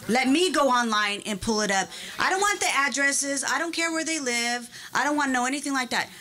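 A woman's voice: high voice, lively intonation, fairly quick, bright, forceful tone. A woman giving impassioned, emphatic public testimony at a board meeting, speaking into a podium microphone. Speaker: public commenter.

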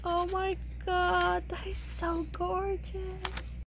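A woman vlogger unboxing a package, gushing and gasping with excitement and often dropping to a whisper. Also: very high voice, drawn-out words, creaky. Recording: steady background noise.

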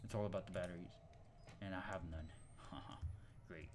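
A young man hosting his channel, giving jokey, profane commentary while playing a horror game, muttering one moment and yelling in panic the next. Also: deep voice, fairly even intonation, normal speed, faint music behind. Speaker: gaming channel host.

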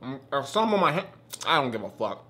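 A man's voice: medium pitch, a little fast. A man hosting a casual food review, swearing often and getting worked up as he eats between sentences. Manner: profane, excitable, talks while eating.

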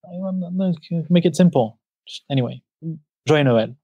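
Guy with a background rattling off holiday plans fast, laughs a lot, dry close sound. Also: a little high, expressive, mellow, no echo, muffled recording. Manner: quick-talking, laughs often, self-deprecating. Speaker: podcast co-host. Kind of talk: casual chat.

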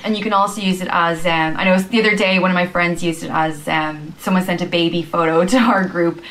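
A woman from Ireland with an Irish accent, patiently explaining slang phrases and acting out examples, with frequent pauses and "um". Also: lowish voice, fairly even intonation, fairly bright tone, a little hiss or hum, low-quality recording. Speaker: slang teacher in a video.

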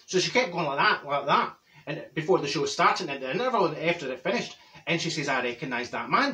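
A man's voice: a little high, bright, forceful tone, distant mic. Marjorie, a brash Glaswegian woman, as a man plays her. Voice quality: chatty, gossipy storytelling with Scots words. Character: brash older Glaswegian woman, gossipy and cheeky. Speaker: comedy character host. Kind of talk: comic character monologue.

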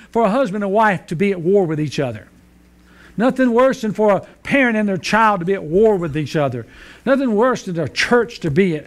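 Pastor, 50s, high-voiced, folksy sermon delivery with fillers. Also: male voice. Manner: folksy, joking storyteller with frequent fillers. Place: church sanctuary.

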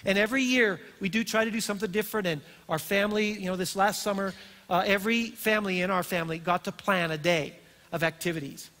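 Older man, pastor's sermon, high voice, storytelling, long church-hall reverb. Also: fast talker. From Colorado, USA. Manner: storytelling, animated and warm-hearted. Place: church auditorium.

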